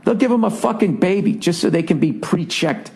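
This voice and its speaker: A man's voice: sits high, animated, fairly quick, gravelly, darkish tone. A man hosting a podcast, delivering a profane, sarcastic comedic rant with exasperated energy. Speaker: podcast host. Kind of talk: ranting comedic monologue.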